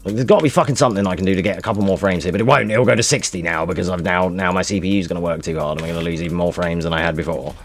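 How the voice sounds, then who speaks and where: A man giving frustrated, swear-heavy live commentary while speedrunning a game, muttering to himself and shouting at the game. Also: low-pitched, rapid-fire, few pauses, faint music behind. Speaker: speedrunner streaming.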